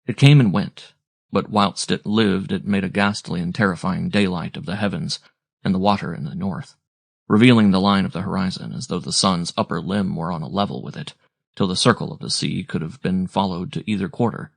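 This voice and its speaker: A man narrating a classic sea story aloud in a measured, descriptive storytelling manner. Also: sits low, gravelly, slightly rough, no room sound, clean studio sound. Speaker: audiobook narrator.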